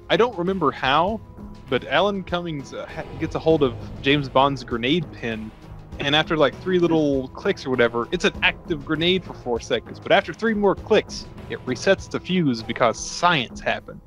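Joking podcast guy, a bit high. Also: expressive, moderate pace, a bit bright, faint music behind. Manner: crude, jokey, slips into silly voices. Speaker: podcast co-host. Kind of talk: casual movie recap chat.

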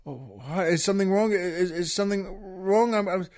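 A man's voice: sits high, animated, normal speed, a little mellow. Panicked, stammering husband in a spoken joke, voiced by a male host. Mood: flustered. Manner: flustered and stammering. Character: panicked husband waiting for his missing wife.

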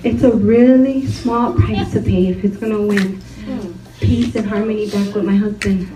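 A woman's voice: medium pitch, moderate pace. A woman preaching a sermon to a women's gathering, laughing often and calling for responses from the crowd. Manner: animated, laughing, call-and-response. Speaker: women's ministry speaker. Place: church hall. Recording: roomy hall, distant mic, audience.

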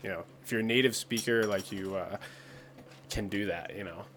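A man from the United States talks in a loose, rambling way, packing his sentences with fillers. His voice is bright and sharp, sitting slightly low, with a faint background hum. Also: normal speed. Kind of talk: casual chat.

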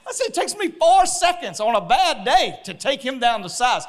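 A middle-aged man preaching a sermon, animated and jokey, often acting out voices. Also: very high voice, normal speed. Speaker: pastor.

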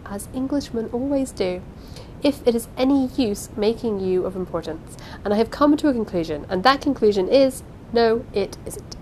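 A woman's voice: mid-range voice, a little hiss or hum, lightly acted, low-quality recording. A woman reading aloud and voicing a pompous, angry middle-aged male steward who blusters with contempt. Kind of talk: audiobook reading.

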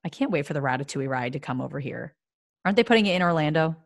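A young woman co-hosting a podcast, chatting in a bubbly way and quick to exclaim. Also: low-pitched, animated, gravelly, no room sound, studio quality. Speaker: podcast co-host. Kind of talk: casual chat.

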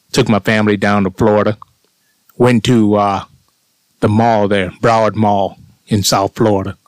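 A middle-aged man telling a personal story in a casual, animated way, swearing often and sounding indignant. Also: lowish voice, no room sound. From United States.

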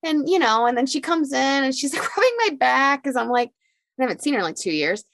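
A young woman on a chatty talk show telling a long personal story, animated and acting out the voices of the people in it. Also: sits high, fast talker, gravelly, no room sound. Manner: animated storyteller, acts out quotes in raised voices. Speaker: podcast co-host. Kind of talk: casual chat, storytelling.

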